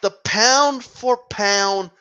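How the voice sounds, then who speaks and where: A boxing channel host delivering an emphatic opinion rant, repeating himself and tossing in rhetorical asides. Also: male voice, high-pitched, drawn-out words, bright, forceful tone, clear, resonant tone, dull audio.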